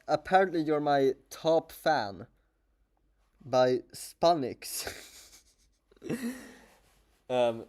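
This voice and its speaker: A man with a Swedish accent chatting casually on a livestream as a streamer, halting and stammering with many restarts. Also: medium pitch, warm tone.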